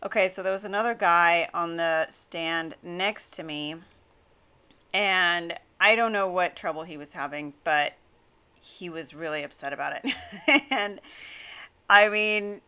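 A woman hosting a talk podcast, telling a story in a relaxed, unhurried way with a bright, clear tone. She chats freely, laughs often and fills her pauses with little fillers. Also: lowish voice. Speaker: podcast host. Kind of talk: casual storytelling monologue; scripted show intro.

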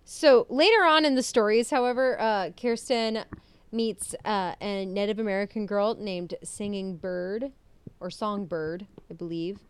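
A young woman co-hosting a podcast, chatting casually and getting excited, laughing often. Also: medium pitch, measured pace, clear, resonant tone, no echo. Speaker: podcast co-host. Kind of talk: casual chat.

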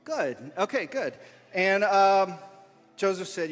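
A man's voice: high-pitched, lively intonation, moderate pace, fairly bright tone, in a large hall. A man wearing a body mic reads a story aloud and playfully coaches volunteers who act it out. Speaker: leader of a children's skit. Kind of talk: reading a story aloud while directing volunteers.

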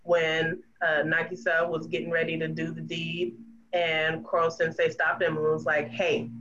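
A podcast guest chatting casually and earnestly, pausing with fillers. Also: medium pitch, monotone. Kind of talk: casual chat. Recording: muffled lo-fi audio with faint noise.

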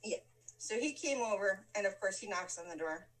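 A woman's voice: mid-range voice, a little fast. A woman telling a personal story in a casual chat, laughing often and acting out the lines of people in it. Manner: lively, laughs often, acts out quoted lines. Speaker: guest telling a life story. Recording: voice from a distant mic.

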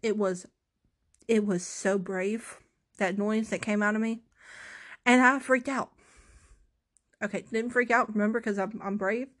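A woman's voice: medium pitch, fairly even intonation, normal speed. Young woman, casual vlog storyteller; theatrical, self-deprecating, rambly delivery. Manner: self-mocking, dramatic, rambling with restarts. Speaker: vlogger.

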